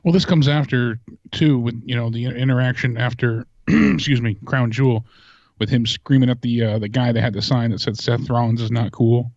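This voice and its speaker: A man co-hosting a podcast, chatting casually in a halting way and correcting himself. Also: mid-range voice, fairly even intonation, darkish tone, no echo, muffled recording. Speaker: podcast co-host. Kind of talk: casual chat.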